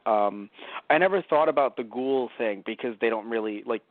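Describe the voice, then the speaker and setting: Animated, swearing man chatting. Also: mid-range voice, brisk, no room sound. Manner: animated, profane, laughs often. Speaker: podcast co-host. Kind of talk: casual chat. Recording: dry, phone-like lo-fi sound.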